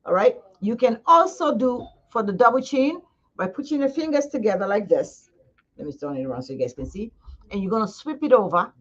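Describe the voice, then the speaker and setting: With a higher voice, lively intonation and a fairly quick pace, a woman leads a casual live face massage demonstration in a skincare studio. She's chatty and encouraging toward her viewers, and the sound is slightly dull and lo-fi.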